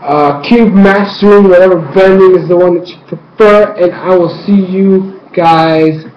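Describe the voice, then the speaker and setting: A man giving a rambling, gushing recap of a cartoon episode, excitable and casual. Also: high-pitched, measured pace. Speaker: fan reviewer. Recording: roomy, dull lo-fi home recording with faint noise.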